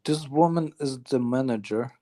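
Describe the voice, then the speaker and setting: A man hosting a casual interview who quietly asks short questions to check details. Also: medium pitch, moderate pace, crowd noise. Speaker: interview host.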